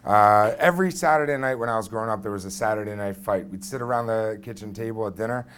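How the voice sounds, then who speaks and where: A man's voice: fairly low pitch, fast talker, a bit bright, a little hiss or hum. A man in his thirties telling a personal story on stage into a microphone, conversational and blunt with frequent fillers. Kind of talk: live first-person storytelling.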